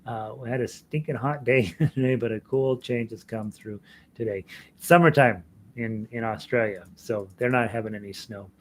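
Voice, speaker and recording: A man's voice: mid-range voice, normal speed, a little hiss or hum. Chatty middle-aged male ukulele teacher. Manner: rambling, chatty, frequent fillers and restarts, laughs often. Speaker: ukulele teacher hosting an online class. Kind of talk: casual live-stream chat reading viewer comments.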